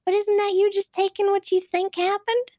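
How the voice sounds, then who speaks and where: A high-pitched woman defends herself in an online roleplay courtroom, her words now and then sliding into a southern drawl. She sounds defensive but stays calm. The sound is dry and close to the mic. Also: moderate pace, no echo. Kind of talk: in-character roleplay banter.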